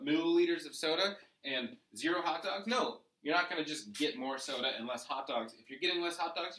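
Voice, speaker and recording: A man gives a lively classroom economics lecture, tossing out rhetorical questions. His voice is bright and a little high, and it sounds roomy and echoey, as if caught from across the room. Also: recorded from a distance. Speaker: teacher. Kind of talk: economics lecture while drawing graphs.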